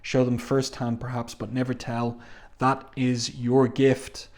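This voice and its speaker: A man reading the lines of a calm, regal woman who commands the weather, in his own voice. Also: mid-range voice, slow, close to an everyday voice. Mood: serene.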